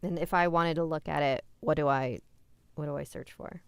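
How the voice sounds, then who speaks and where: A young woman hosts an indoor live stream, reading scary stories and then chatting casually with viewers, laughing easily as she answers chat. Her voice sits low and is creaky, with fairly even intonation and a normal pace. The sound is clean, with no room noise.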